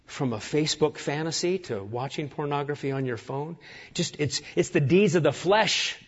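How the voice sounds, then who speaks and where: A man's voice: fairly high pitch, normal speed, husky, muffled recording. A man preaching a sermon as pastor, earnest and emphatic, piling up lists of words.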